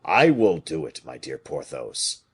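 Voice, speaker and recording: A man reading an audiobook voices a scheming bishop who speaks in a bland, measured, quiet way. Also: very deep voice, big pitch swings, breathy edge, exaggerated voice. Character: calm, scheming male bishop, Aramis.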